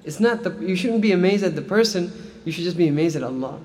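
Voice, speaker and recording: A man's voice: high-pitched, animated, quick pace, a little mellow, in a large hall. A man teaching Islamic studies in a casual lecture style, talking conversationally and often checking in with "right?". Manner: conversational, frequent "right?" and "like" fillers.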